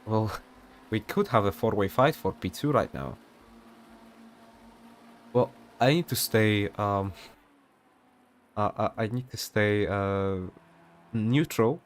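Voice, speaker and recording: A young man does live commentary on an online sim race, loose and chatty, wandering off into side remarks and filling gaps with fillers. He takes it slowly, leaving long pauses, and his voice sits on the lower side. A faint hum runs beneath the recording.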